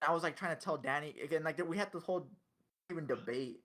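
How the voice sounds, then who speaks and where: A young man hosts a casual podcast chat with a slightly high voice. He talks in an animated way, swears freely and laughs often. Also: fast, a crowd in the background. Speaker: podcast host.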